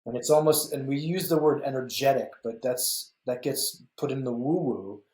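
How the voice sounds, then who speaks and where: A man's voice: medium pitch, moderate pace, darkish tone. A man in his fifties, a podcast guest, telling stories earnestly and speaking straight to the men listening. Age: 50s. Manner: earnest, storytelling, speaks directly to male listeners. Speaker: guest author and men's coach. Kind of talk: reflective podcast interview talk. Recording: echoey room.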